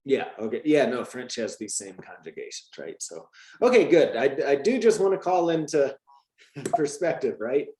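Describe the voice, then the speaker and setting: A man's voice: medium pitch, lively intonation, normal speed, background noise. Chatty man tutoring in an echoey room. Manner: chatty, thinks aloud with restarts and frequent "right?". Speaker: Spanish tutor. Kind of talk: casual online tutoring.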